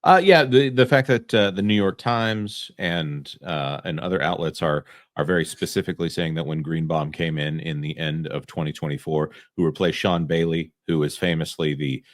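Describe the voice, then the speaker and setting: A man with a very low voice speaks as a guest commentator on an entertainment show. He explains industry news haltingly, with many fillers and restarts. The sound is dry and close to the mic. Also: no echo. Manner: hesitant, filler-heavy, explanatory. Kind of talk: casual commentary chat.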